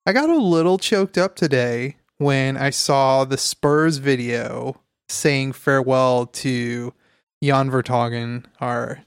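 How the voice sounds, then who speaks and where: A man co-hosting a casual podcast, talking in halting, rambling sentences full of fillers. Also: medium pitch, clean tone, dry recording, clean studio sound. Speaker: podcast co-host. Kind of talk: casual chat.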